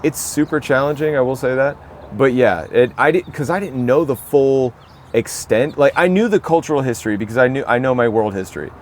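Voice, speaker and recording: A man's voice: mid-range voice, brisk, a little hiss or hum. Reflective American man, casual chat. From United States. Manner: rambling, reflective storytelling. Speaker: podcast co-host. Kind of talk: casual conversation.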